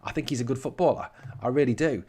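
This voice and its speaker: A man from northeast England runs his own podcast alone and reads comments from a live chat as he goes. His voice sits at an ordinary pitch. He gives blunt opinions and curses at commenters who annoy him. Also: fast talker, dark tone, breathy edge. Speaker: podcast host. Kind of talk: solo podcast talk reading live chat.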